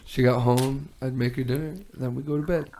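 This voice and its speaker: A man co-hosting a podcast, telling quick casual anecdotes. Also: medium pitch, fairly even intonation, dark tone, slight background noise. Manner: quick, chatty storyteller. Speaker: podcast co-host. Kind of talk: casual chat.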